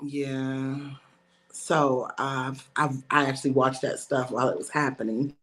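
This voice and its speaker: A woman in her forties, a comedian telling animated, bawdy stories and laughing often in a casual interview. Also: a bass voice, a little slow. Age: 40s. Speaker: comedian guest.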